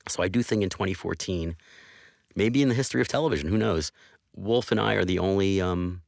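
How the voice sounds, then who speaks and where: Man, 50s, deep, dry studio sound, earnest interview guest. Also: brisk, creaky, no room sound. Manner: earnest, emphatic storytelling. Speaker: TV news executive producer. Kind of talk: podcast interview.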